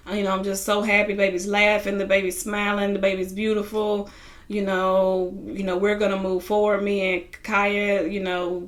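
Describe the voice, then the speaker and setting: Recapping a reality TV episode, a woman with a mid-range, fairly bright voice chats casually. She retells the scenes by voicing the people involved, with "you know" and other fillers sprinkled throughout.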